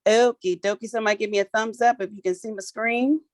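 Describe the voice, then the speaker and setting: A middle-aged woman, hosting an online workshop in a playful, animated, colloquial way, talking into her phone on a video call. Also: on the high side, fast talker, dry recording. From Philadelphia, USA. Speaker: workshop host. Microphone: phone for audio on a video call.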